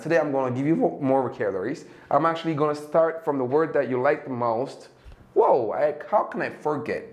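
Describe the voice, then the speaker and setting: A man with an Ethiopian accent, a native Amharic speaker, teaching English in a casual, animated lesson that mixes in Amharic and plenty of laughter. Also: mid-range voice, reverberant.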